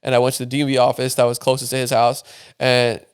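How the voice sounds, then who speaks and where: A man's voice: mid-range voice, monotone, clean tone. A young man, a podcast guest, telling a story in casual chat, swearing often and packing his talk with filler words. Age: young adult. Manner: rapid, profane, heavy filler words.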